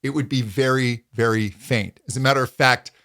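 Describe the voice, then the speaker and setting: A middle-aged man teaching a voice lesson as a vocal coach, calmly explaining and demonstrating hums and pitch slides. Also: moderate pace.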